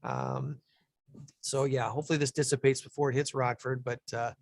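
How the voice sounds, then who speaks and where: A man co-hosting a weekend radio show talks in a loose, rambling way, full of ums and half-started sentences. His voice sits at an ordinary middle pitch. The sound is close and dry, with no room around it. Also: little pitch movement, moderate pace, vocal fry, no room sound. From Illinois, USA. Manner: rambling, many fillers and restarts. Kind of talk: casual radio chat.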